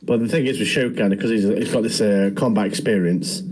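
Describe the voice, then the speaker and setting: A man's voice: lowish voice, a little fast, a little mellow, breathy edge, poor audio. A man co-hosting a casual anime podcast, recapping the plot in an easygoing way with plenty of fillers. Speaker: podcast co-host.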